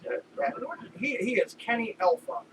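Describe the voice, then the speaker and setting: A high-pitched man with a New York accent chats about wrestling on a podcast. He tells his stories loud and animated and swears freely. He sits well away from the mic, with clear background noise in the recording. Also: moderate pace, distant mic. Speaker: podcast co-host. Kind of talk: casual chat watching wrestling.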